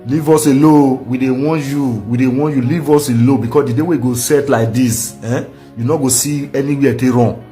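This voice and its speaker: A man's voice: medium pitch, steady tone, moderate pace, few pauses, mellow, faint music behind. A Nigerian man speaking in Nigerian Pidgin, delivering a defiant, scolding political rant with many repeated phrases. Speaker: protester.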